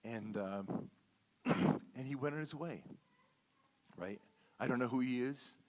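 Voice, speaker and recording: At a medium pitch, a man takes his time delivering a guest sermon in a church sanctuary. His personal story comes out conversationally, with repeated words and frequent "okay?" check-ins.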